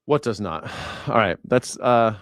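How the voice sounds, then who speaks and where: A man's voice: fairly low pitch, animated, unhurried, very noisy. A man hosting a news reaction show, ranting about politics in a crude, sarcastic, mocking way with lots of swearing. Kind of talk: profane political commentary rant.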